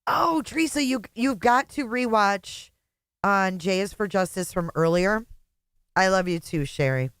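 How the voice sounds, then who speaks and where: A woman's voice: medium pitch, expressive, unhurried, fairly bright tone, clear, resonant tone, no echo, clean studio sound. A woman hosting a livestream, chatting casually, sarcastic and mocking, often laughing. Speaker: livestream host.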